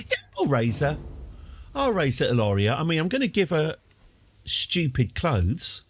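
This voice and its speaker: A man's voice: on the high side, huge pitch swings, a little slow, breathy edge, no room sound. A man streaming a strategy game live, chatting with jokey asides.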